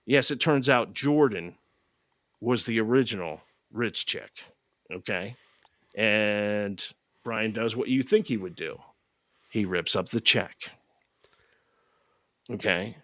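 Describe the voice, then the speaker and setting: A man's voice: lowish voice, slow pace, long pauses, fairly bright tone, dry recording, studio quality. A man hosting a podcast, recapping a movie in a casual, sarcastic, mocking way. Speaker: podcast host.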